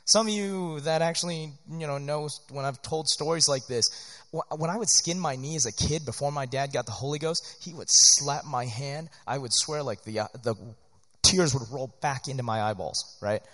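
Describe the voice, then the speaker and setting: A man preaching in an earnest, animated, conversational way, often checking in with "right?", teaching church workers. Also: on the high side, moderate pace. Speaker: pastor. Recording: long hall reverb.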